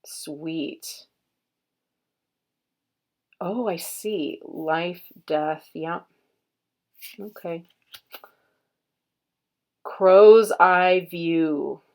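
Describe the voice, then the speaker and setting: A woman unboxing a card deck, murmuring card names in a soft, unhurried way and admiring the artwork. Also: fairly low pitch. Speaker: tarot reader and channel host. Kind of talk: casual unboxing commentary.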